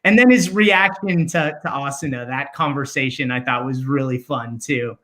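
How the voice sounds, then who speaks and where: A man with a mid-range, bright voice talks as a guest voice actor. He speaks in an easygoing, measured way. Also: mid-range voice. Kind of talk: casual discussion.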